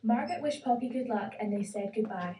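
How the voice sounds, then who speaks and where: A woman reading a children's fairy tale aloud, telling it gently and expressively. Her voice is mellow and sits a little high, and it sounds distant in an echoey room with a faint hiss underneath. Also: brisk. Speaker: storyteller.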